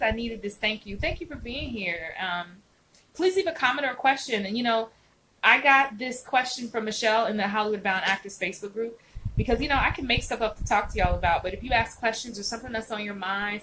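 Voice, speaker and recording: A woman's voice: fairly high pitch, fairly bright tone, a little hiss or hum, poor audio. A woman acting coach hosting a casual live stream, chatting animatedly and answering viewers' comments by name.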